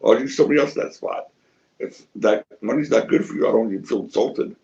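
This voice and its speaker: Here a middle-aged man's gravelly, medium-pitched voice comes through a muffled recording as he talks fast. A wrestling promoter giving a shoot interview, he tells stories with animation, mimicking quotes and swearing a lot.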